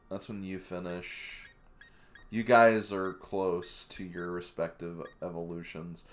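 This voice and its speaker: A man's voice: low voice, fairly even intonation, slow pace. A man streaming a game, giving casual commentary as he plays. He thinks aloud and chuckles at his own remarks.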